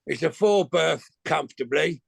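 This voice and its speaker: Rough-voiced guest in his middle years, dry and close, rambling, sweary storyteller. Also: fairly high pitch, lively intonation, moderate pace, no echo. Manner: rambling, restarts often, swears casually. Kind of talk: casual storytelling chat.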